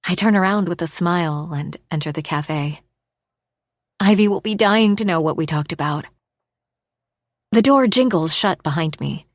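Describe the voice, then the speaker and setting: A woman narrating a romance audiobook in the first person, expressive, dropping to a hush for inner thoughts. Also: on the low side, moderate pace, long pauses, no room sound, studio quality.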